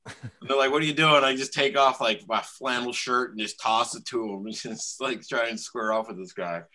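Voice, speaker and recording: A man's voice: medium pitch, fairly even intonation, normal speed, pushed and bright. A man in his thirties telling a profane story in a casual chat, laughing often. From Canada.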